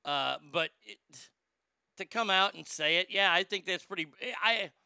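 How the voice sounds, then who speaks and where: Sarcastic swearing guy ranting on his vlog, high gravelly voice, super bright. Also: moderate pace, no room sound, clean studio sound. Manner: profane, sarcastic, mocking. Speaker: commentator. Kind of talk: casual commentary vlog.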